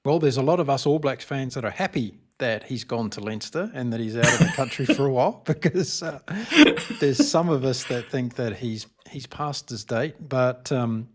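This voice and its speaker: A man leads a podcast interview, speaking in a steady, measured way. His voice sits in an ordinary middle pitch. He asks his questions plainly. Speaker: podcast host. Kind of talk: interview hosting.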